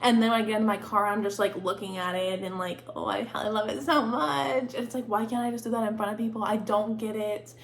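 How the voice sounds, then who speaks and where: A woman's voice: mid-range voice, flat delivery, fast talker, hardly any pauses. A woman in her twenties chatting casually as a book vlogger, rambling, giggly and self-deprecating, with lots of "like" fillers. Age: 20s. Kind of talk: casual chat.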